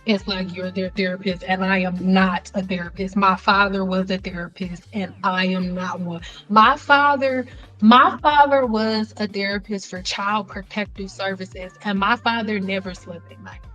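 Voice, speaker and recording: A young woman hosting a casual livestream chat, talking bluntly and with lots of profanity, telling animated stories. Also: medium pitch, normal speed, lo-fi sound, faint music behind. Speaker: livestream host.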